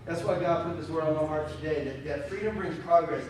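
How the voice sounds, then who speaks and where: A young man preaching in a church sanctuary, his slightly high voice bouncing around a very echoey room and heard from well back from the mic. He talks candidly and with animation, spinning personal stories full of fillers and self-deprecating asides. Faint hiss sits under the recording. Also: fairly even intonation, a little fast, darkish tone, far from the mic. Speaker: pastor. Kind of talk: conversational sermon storytelling.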